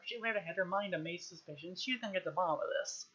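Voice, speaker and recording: A woman reading a novel aloud on a live stream, at a quick pace and with frequent throat-clearing. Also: on the low side, fairly bright tone, highs cut off. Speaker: reader, streamer.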